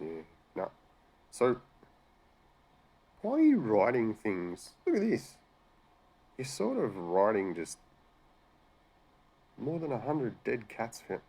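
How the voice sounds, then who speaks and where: A man's voice: low voice, a little mellow, slightly rough. An Australian man sarcastically ranting about news articles, swearing freely and sounding exasperated. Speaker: commentary host. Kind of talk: profane rant reacting to news articles.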